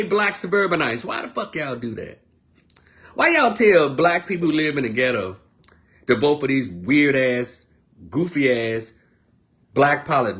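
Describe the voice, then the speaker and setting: A man of middling pitch rants to his audience in a loose, casual monologue. He is blunt and profane, punching some words hard and dropping others low and quiet. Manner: blunt, profane, animated rant. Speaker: online commentator.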